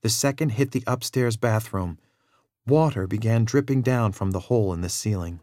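A man narrating a children's adventure story in a measured, expressive read-aloud style, with a very dry sound. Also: fairly low pitch, no echo.

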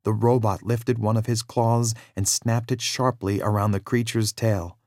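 Low-voiced man reading a storybook. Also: steady tone, unhurried, a little mellow, no echo, clean studio sound. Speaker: narrator. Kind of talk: scripted storybook narration.

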